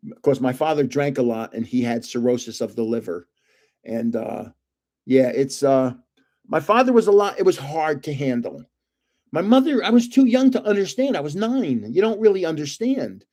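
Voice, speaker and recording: A man's voice: medium pitch, dark tone. An older man hosting his card collecting channel, chatting casually to viewers in a rambling, talkative way with many fillers and restarts.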